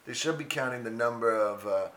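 A man co-hosting a casual comedy chat, telling crude jokes in a deadpan way. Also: mid-range voice, fairly quick, a little hiss or hum. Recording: echoey room.

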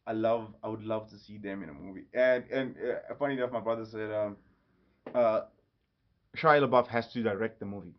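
A man hosting his own casual solo podcast, rambling and jumping quickly from topic to topic. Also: fairly low pitch. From Ireland. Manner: rambling, jumps between topics. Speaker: podcast host. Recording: slightly dull lo-fi audio.

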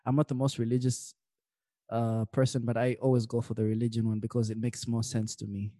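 A young man co-hosting a laid-back podcast, telling stories with jokes and street slang. His tone is mellow and darker, recorded dry with no room sound. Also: mid-range voice, a little fast, dry recording. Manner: joking, animated storytelling with slang. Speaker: podcast co-host. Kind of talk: casual chat.

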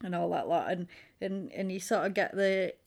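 A woman's voice: on the low side, moderate pace, creaky. Chatty woman recapping a film. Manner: chatty, animated storytelling. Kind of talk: casual film discussion.

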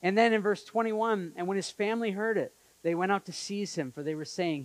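A man preaching a conversational sermon as pastor, acting out quotes in an animated way. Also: sits high, fairly quick, few pauses, dry recording, poor audio. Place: church in Montreal.

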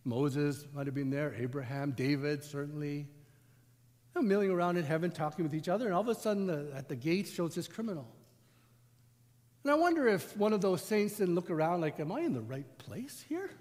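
A man's voice: on the high side, a little fast, a little mellow. A man, preaching a sermon as pastor in a conversational storytelling way. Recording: long hall reverb.

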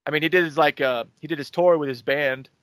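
Young male co-host, slightly high voice, dry close sound, loose profane chat. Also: steady tone, quick pace, fairly bright tone, dry recording. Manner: recapping a timeline, loose and profane. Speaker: podcast co-host. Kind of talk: casual chat.

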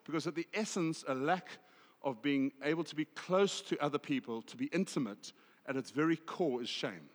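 A South African man preaching a sermon, swinging from loud emphasis to hushed asides. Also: a little high, normal speed, big-room sound. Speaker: pastor.

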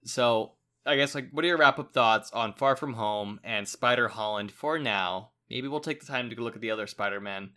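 A man's voice: medium pitch, normal speed, hardly any pauses, sharp tone. A man co-hosting a podcast, chatting casually and enthusiastically, with casual swearing. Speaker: podcast co-host.

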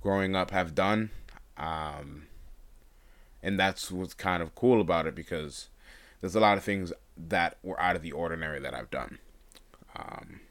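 A young man talks off the cuff on his own podcast, wandering from thought to thought with frequent ums and restarts. His voice sits very low and still has a groggy, just-woke-up roughness to it. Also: a bit bright. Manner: rambling, hesitant, many fillers and restarts. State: groggy morning voice. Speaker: podcast host. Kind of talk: unscripted solo podcast talk.

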